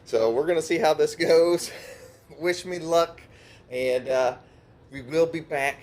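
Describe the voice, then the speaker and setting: A man's voice: on the high side, slow, a little mellow. Swearing, laughing man vlogging casually. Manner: swears freely, laughs often, rambling. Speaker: grow channel host. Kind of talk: casual vlog narration. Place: indoor grow room with concrete walls.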